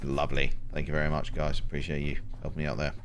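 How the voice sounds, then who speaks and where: A man, chatting to himself and his viewers while playing a game, with animated exclamations. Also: rumbling low, fast, background noise. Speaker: game streamer. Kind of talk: casual gameplay commentary.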